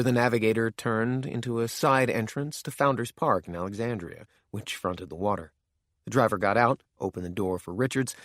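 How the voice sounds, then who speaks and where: A man narrating a thriller audiobook in a measured, steady way, recorded on a close studio mic. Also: mid-range voice, no room sound.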